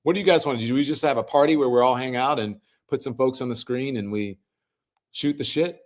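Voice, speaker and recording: A middle-aged man hosting a livestream, reading viewers' comments aloud and answering them in a relaxed, conversational way. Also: mid-range voice, quick pace. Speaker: host reading live chat comments. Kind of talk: casual livestream chat.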